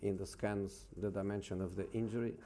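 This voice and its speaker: A man answering questions as a football manager at a press conference, speaking haltingly and repeating words with many pauses. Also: lowish voice, steady tone, warm tone, a little hiss or hum.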